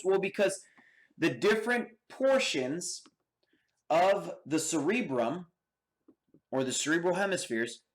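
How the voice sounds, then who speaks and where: American guy teaching a brain lab, talks real slow, keeps asking okay?. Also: on the high side. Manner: slow and deliberate, checks in with okay and all right. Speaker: anatomy instructor. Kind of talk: lab demonstration lecture.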